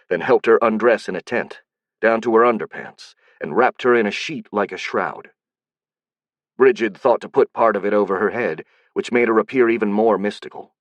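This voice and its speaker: A man reading an audiobook in a steady, even scripted narration. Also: lowish voice, no echo.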